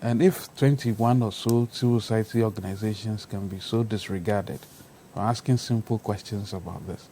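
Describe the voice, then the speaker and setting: A man's voice: on the low side, normal speed, few pauses, mellow, a little hiss or hum, rough recording. A man, a TV panel guest arguing his case step by step. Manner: argumentative, builds points step by step. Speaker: panel guest, civil society voice. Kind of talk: studio debate. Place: TV studio.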